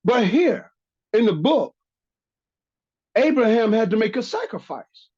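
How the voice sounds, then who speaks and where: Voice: medium pitch, big pitch swings, a little slow, darkish tone, husky. A religious teacher giving a bible lesson, reading verses aloud and repeating key phrases for emphasis. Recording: dull lo-fi recording.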